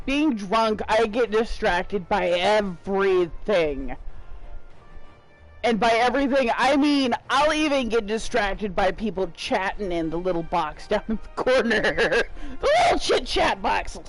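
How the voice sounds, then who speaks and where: A man's voice: high-pitched, unhurried, faint music behind, poor audio. A man streaming a game, chatting casually with viewers; tired and giggly. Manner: giggly, drowsy, animated.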